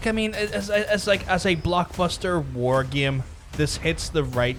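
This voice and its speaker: A Northern Irish man with a slightly high voice co-hosts a live talk show. He talks in a relaxed, meandering way and leans heavily on fillers. His delivery stays easygoing and conversational. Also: measured pace, slight background noise. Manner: relaxed, rambling, filler-heavy. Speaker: co-host. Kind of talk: casual chat.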